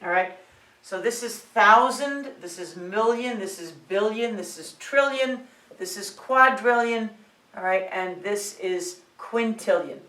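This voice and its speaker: A woman teaching high school physics who often checks in with "all right" and "okay" and counts digits aloud. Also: slow, fairly bright tone. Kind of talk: classroom lecture at a board. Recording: roomy sound, mic set at a distance.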